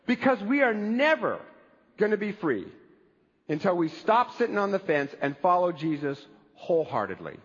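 A pastor preaching a sermon in a conversational, animated way, with asides to the congregation. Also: male voice, high voice, normal speed, in a large hall, muffled recording, a little hiss or hum.

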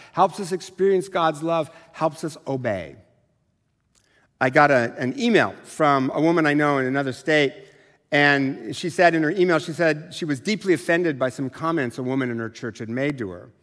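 A man's voice: on the high side, a bit bright. A middle-aged man preaching a sermon in a conversational, self-deprecating way. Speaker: pastor. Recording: long reverb of a large hall.

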